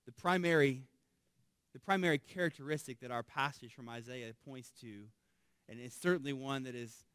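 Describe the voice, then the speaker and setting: A man, a pastor, preaching a sermon, swelling loud on key phrases and dropping soft on asides. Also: medium pitch, normal speed, clear, resonant tone, no echo, studio quality.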